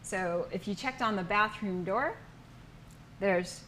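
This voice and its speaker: An American woman leads a small indoor class, patiently walking her students through each sound and inviting them to repeat it. Her voice sits at a middle pitch, with a faint hum of noise in the room behind her. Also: slow pace, long pauses, fairly bright tone, poor audio. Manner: patient, explains sounds step by step. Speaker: language workshop teacher. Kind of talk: teaching a class.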